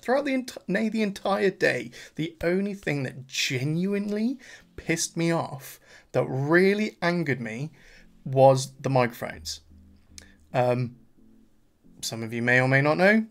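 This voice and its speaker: A young man from England hosting a casual vlog review, chatty and animated, laughing often and trailing off into fillers. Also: on the high side, creaky. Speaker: reaction channel host.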